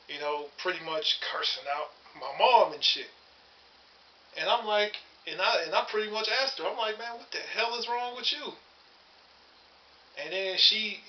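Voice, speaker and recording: A man in his thirties telling his story to camera in a blunt, profane, angry rant. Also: on the high side. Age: 30s. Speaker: vlogger. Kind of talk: angry personal monologue to camera. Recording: dull lo-fi audio.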